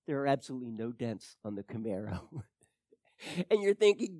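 A man preaching a storytelling sermon in an animated way, swinging his pitch and loudness and tossing chatty asides to his listeners. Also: brisk, no room sound, clean studio sound.

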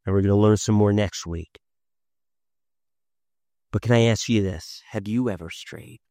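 A man, a father in his thirties, preaching a sermon, swinging from loud emphasis to hushed tones. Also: fairly low pitch, a little slow, no room sound, clean studio sound. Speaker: pastor.

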